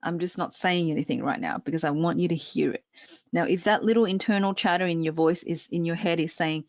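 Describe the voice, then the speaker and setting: A woman's voice: on the low side, fairly quick, darkish tone, dry recording, lo-fi sound. A woman public speaking coach presenting an online workshop, talking straight to her audience with frequent check-ins.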